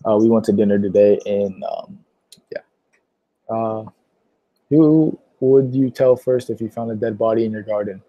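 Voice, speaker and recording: A man of about nineteen answering viewer questions on a casual livestream, rambling and filling pauses with lots of "uh"s. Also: lowish voice, mellow, no echo, highs cut off. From Pittsburgh, Pennsylvania. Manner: rambling, filler-heavy, many "uh"s.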